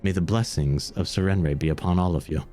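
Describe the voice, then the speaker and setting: A man voicing a huge, burly, tattooed holy man with a deep, booming voice and solemn, formal greetings. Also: fairly quick, warm tone, soft background music, close to an everyday voice.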